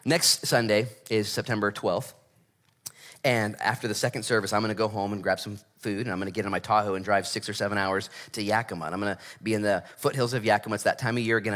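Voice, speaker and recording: A middle-aged man preaching a sermon as pastor, reading scripture and telling stories with lively acted voices. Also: lowish voice. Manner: animated storytelling with acted voices.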